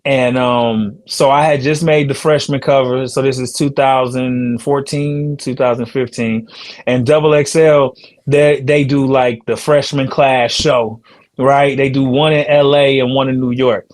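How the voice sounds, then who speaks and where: A man in his thirties hosting a podcast, telling stories in a relaxed, slangy way with laughs between lines. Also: mid-range voice, a little slow. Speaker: podcast host and rapper. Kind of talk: casual storytelling chat.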